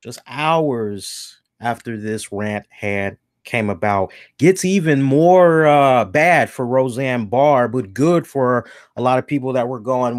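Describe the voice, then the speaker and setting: A man's voice: medium pitch, slow, few pauses, dry recording, clean studio sound. A man hosting a casual commentary show, talking bluntly and animatedly and swearing freely, hiccuping a little after some beer. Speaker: podcast host.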